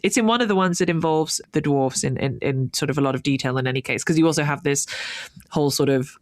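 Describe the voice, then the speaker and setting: A woman's voice: deep voice, fast, no room sound, studio quality. A woman co-hosting a podcast in casual chat, rambling enthusiastically with frequent laughs and fillers. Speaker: podcast co-host.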